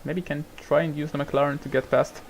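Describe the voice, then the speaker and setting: A man's voice: a little high, flat delivery, a little fast, gravelly, a little hiss or hum. Swearing casual gaming commentator man. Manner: swears a lot, rambling, bursts into shouting at drivers. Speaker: gamer commentating a racing management game. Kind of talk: casual let's-play commentary.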